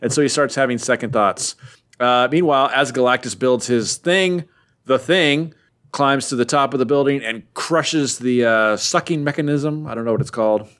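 A young man in the middle of a comic book recap, talking in a mid-pitched voice. He rambles loosely, leans on fillers and drops offhand jokes as he goes. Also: fairly bright tone. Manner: rambling, filler-heavy, joking.

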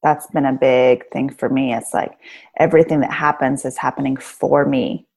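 A woman's voice: very deep voice, steady tone, normal speed, vocal fry, a little mellow, slightly rough. A woman in her thirties or forties, a life coach talking earnestly about rebuilding her life, with lots of "um" and "like". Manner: earnest, reflective, many fillers like "um" and "like". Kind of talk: casual podcast conversation.

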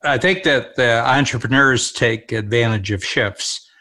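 A man's voice: mid-range voice, a little slow, bright, forceful tone. An older man, a co-host, talking in a reflective, storytelling manner in a casual conversation.

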